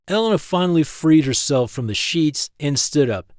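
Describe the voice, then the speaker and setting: A man reading a scripted story as the narrator in a steady, even way. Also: a little high, moderate pace, no room sound, clean studio sound.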